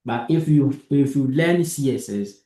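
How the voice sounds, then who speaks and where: A man's voice: medium pitch, expressive, unhurried, warm tone, echoey room. A man teaching a live coding lesson, patient, who keeps asking if his student understands. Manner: patient, repeats himself and checks understanding.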